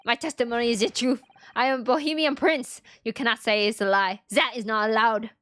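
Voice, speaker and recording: A woman's voice: fairly high pitch, fairly even intonation, brisk, fairly bright tone, close to an everyday voice. A woman voicing a spoiled, boastful young boy prince with a put-on French-like accent and stiff, whiny broken English. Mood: haughty. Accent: put-on French-like foreign accent.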